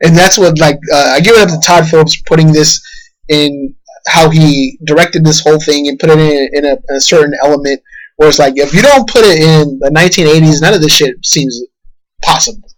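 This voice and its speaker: A man co-hosting a casual movie review chat, talking in a profane, animated storytelling way. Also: on the high side, brisk, poor audio.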